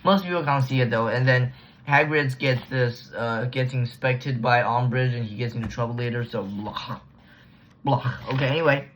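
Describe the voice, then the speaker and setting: A man's voice: medium pitch, a little fast, a bit bright, slight background noise. A man casually recapping a book he read, using slang, restarting sentences and trailing off. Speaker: book reviewer. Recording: dull lo-fi recording.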